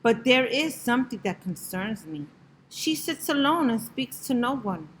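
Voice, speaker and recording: Calm, measured male teacher, read by a woman; slow storybook reading. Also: fairly high pitch, a little hiss or hum, poor audio.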